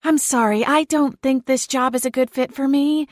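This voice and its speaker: A woman's voice: sits high, expressive, moderate pace, no echo, clean studio sound, voice pushed up. A woman voicing a nervous, flustered young woman applying for a job, stammering her answers.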